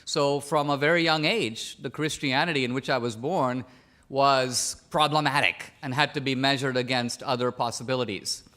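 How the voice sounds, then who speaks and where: A man's voice: mid-range voice, moderate pace, pushed and bright. A man from India, a debater making pressing, argumentative points on a stage in a large auditorium. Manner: pressing, argumentative, quotes opponent's words back.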